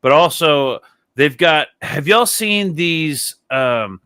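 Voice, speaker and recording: A man's voice: fairly high pitch, expressive, slow, pushed and bright, clean tone, dry recording, clean studio sound. A man hosting a casual podcast chat, telling rambling stories full of swearing and laughter. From Texas. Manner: rambling, profane storytelling with frequent laughs. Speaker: podcast host.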